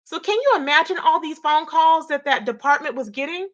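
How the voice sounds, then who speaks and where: A woman's voice: high voice, a little fast, highs cut off. A woman hosting a casual gossip livestream, reading chat and reacting with lots of exclamations. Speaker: livestream host.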